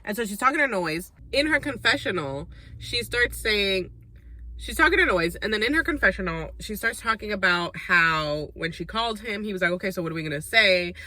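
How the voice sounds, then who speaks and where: A woman's voice: medium pitch, lively intonation, moderate pace, pushed and bright, no echo. A young adult woman recapping a reality dating show in a chatty, sassy, opinionated way. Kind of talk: casual recap and commentary.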